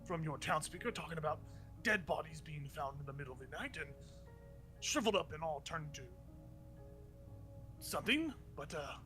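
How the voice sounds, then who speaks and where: Suspicious interrogating guard, voiced by a man: stern, probing, raised pitch. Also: animated, normal speed, pauses often, pushed and bright, soft background music. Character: stern male guard questioning a townsman.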